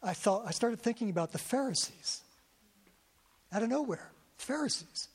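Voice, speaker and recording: A man's voice: extremely high pitch, lively intonation, normal speed, slightly rough. A man preaching a sermon to a congregation, telling his story with feeling and often repeating himself. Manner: emotional storytelling, repeats words. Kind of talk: sermon testimony. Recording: long hall reverb.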